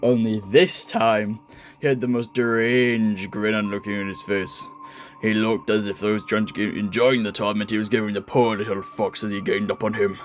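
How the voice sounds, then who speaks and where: A man's voice: on the low side, little pitch movement, moderate pace, soft background music. A young man reading a horror story aloud in a casual, jokey way, often stumbling over words and laughing at his own slips. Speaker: creepypasta reader.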